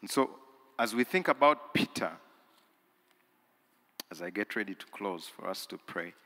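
A man preaching a sermon in a large cathedral, swinging from hushed lines to loud, emphatic peaks and repeating words for emphasis. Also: fairly low pitch, lively intonation, measured pace, long pauses. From Uganda. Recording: long hall reverb.

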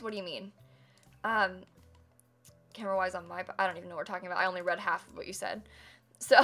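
A young woman streamer with a bright, forward voice that stays bubbly and chatty. She talks casually to her audience, laughing often and thanking viewers warmly. Soft background music and keyboard clicks sit behind her. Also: mid-range voice. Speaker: game streamer. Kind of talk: casual live-stream chat. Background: faint music and keyboard typing.

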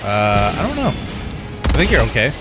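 Casting: a male gaming host, casual and profane, lively pitch, game music clear underneath. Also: unhurried. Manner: laid-back, swears, gets loud and excited. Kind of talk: casual co-op gameplay chat.

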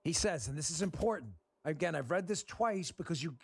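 A man's voice: a little high, expressive, a little fast, vocal fry, few pauses, husky. Frustrated man ranting as host. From Texas. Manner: frustrated, emphatic, repeats himself. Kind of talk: political commentary over gameplay.

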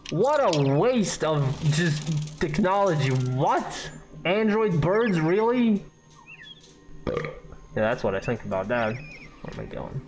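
A man giving casual, joking gameplay commentary, swearing and reacting loudly while he plays. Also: a little high, very animated, takes it slowly, a little hiss or hum. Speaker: gaming YouTuber. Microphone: scuffed mic. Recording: game music behind.

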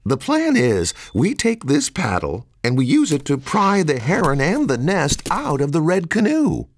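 A man voicing a friendly, soft-hearted young male raccoon in a children's storybook, in a higher, sing-song voice. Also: wildly swooping pitch, a little slow, exaggerated voice. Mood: chirpy.

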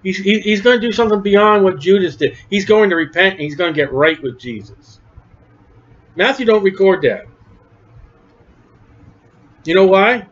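A man's voice: high voice, expressive, moderate pace, pauses often, a bit bright. A man preaching a conversational Bible-study sermon, emphatic, often repeating words. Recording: dull lo-fi recording.

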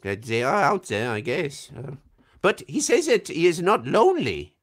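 A voice actor with a fairly high voice and huge pitch swings talks at a moderate pace. He chats playfully on a livestream Q&A over a video call, laughing often and reading fan comments aloud as he answers their questions in a casual format.

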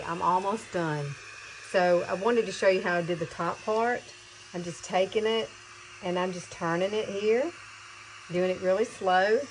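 A woman over fifty chatting excitedly to viewers as she curls her hair, in a casual tutorial. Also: medium pitch, slight background noise, rough recording. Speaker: beauty vlogger.

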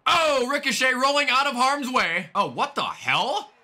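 A young man calling his own wrestling video game like a play-by-play announcer, yelling at the big moves and swearing about the game between calls. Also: extremely high pitch, very animated, unhurried. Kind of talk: excitable play-by-play commentary.

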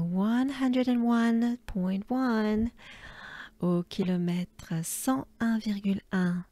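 A French woman with a French accent teaching pronunciation, drilling words slowly and often dropping to breathy whispered demonstrations. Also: mid-range voice, warm tone, no room sound. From France. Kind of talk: slow pronunciation lesson.

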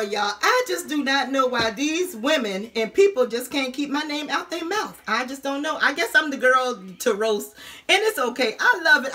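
Sassy high-voiced woman roasting on camera. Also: sharp tone. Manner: sassy, taunting, drawn-out "honey" and "girl". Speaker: YouTube vlogger.

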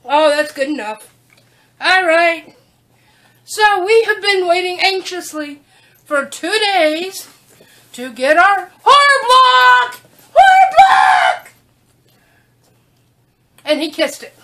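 A woman's voice: extremely high pitch, slow pace, long pauses, a bit bright, a little hiss or hum. A woman chatting casually while unboxing a package, breaking off to coax her dog. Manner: chatty, talks baby-talk to her dog. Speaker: unboxing vlogger.

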